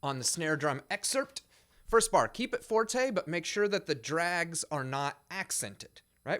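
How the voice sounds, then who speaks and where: Speaking a little slowly in a slightly high, fairly bright voice with big pitch swings, a Midwestern American man teaches percussion. He walks through audition excerpts, counting and scatting the rhythms out loud as a demonstration.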